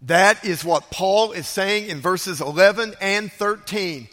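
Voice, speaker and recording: A man preaching a sermon as a pastor, emphatic, swinging between loud urging and hushed, quiet lines. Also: high-pitched, takes it slowly, long reverb tail.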